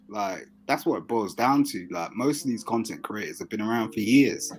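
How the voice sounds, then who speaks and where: Male guest, low-pitched, loose and animated, faint music underneath. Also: moderate pace, few pauses, poor audio. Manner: laughs often, loose and animated. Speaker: guest caller. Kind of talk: casual chat.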